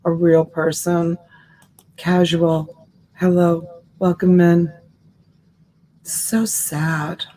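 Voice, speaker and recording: A woman's voice: lowish voice, level tone, drawn-out words, pauses often, mellow. A woman hosting a live selling stream, chatting casually and answering viewer comments by name in a sympathetic way. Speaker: live-stream seller and host.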